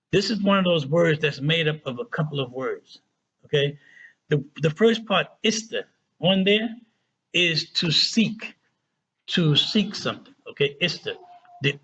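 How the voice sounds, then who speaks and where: A man teaching a casual Arabic lesson who often checks in with "right?" and "okay?" and slows down to spell out words. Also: fairly high pitch, fairly bright tone, breathy edge, dull audio.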